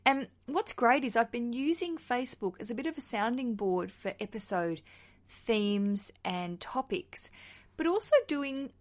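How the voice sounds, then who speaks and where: A woman's voice: a little high, expressive, a little slow. Bubbly, chatty woman hosting a podcast. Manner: chatty, bubbly, self-mocking, rambling restarts. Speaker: podcast host. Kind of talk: solo podcast talk.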